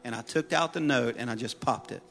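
A middle-aged man preaching a sermon, telling personal stories with humor and building to loud exhortation. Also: mid-range voice, fairly quick, creaky, very noisy. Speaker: pastor. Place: church sanctuary. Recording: long reverb of a large hall.

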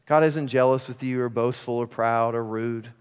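A man preaching a sermon in church, conversational and energetic with laughing asides. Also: medium pitch, normal speed, clear, resonant tone. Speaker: pastor. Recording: long reverb of a large hall.

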